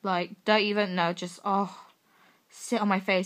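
A woman's voice: medium pitch, flat delivery, a little slow, a bit bright. A young woman hosting a reaction video, gushing, gasping and teasing as she reacts to photos one by one.

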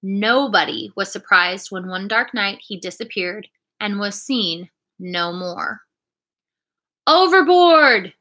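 A woman reading a children's adventure story aloud in a clear storytelling manner. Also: mid-range voice, unhurried, pushed and bright. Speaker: reader.

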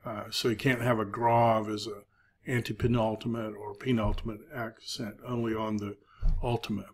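A man's voice: on the low side, level tone, normal speed. A man teaching a recorded video lecture as an instructor, explaining step by step with frequent hesitations and filler sounds. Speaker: Greek instructor.

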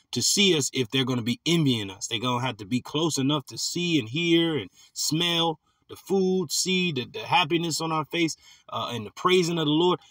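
A man teaching from scripture, reading verses slowly and then commenting in casual slang. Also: a little high, a bit bright, dry recording. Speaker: preacher.

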